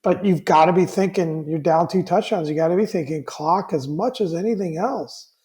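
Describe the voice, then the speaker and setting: A man's voice: high voice, normal speed, darkish tone. Rambling man, raised voice, talking sports. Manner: rambling, many fillers and restarts, laughs easily. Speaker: podcast co-host. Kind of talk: casual sports chat.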